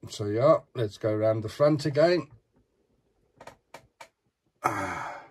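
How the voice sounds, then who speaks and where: A man with a fairly low, husky voice talks slowly but animatedly in a casual show-and-tell vlog. As a collector showing off an action figure, he keeps asking the viewer "eh?"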